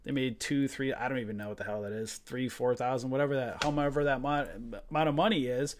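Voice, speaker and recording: Hosting a live trading room, a man speaks into a desk mic while sharing his screen, his voice in the middle of his range. He talks fast with few pauses, bluntly ranting with fired-up emphasis and dropping casual mild swears.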